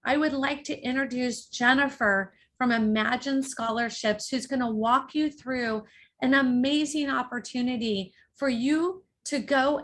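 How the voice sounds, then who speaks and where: A woman hosting a college-planning webinar, giving deliberate, emphatic instructions in a scripted presentation over a video call. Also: a little high, a bit bright. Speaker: webinar host and college consultant.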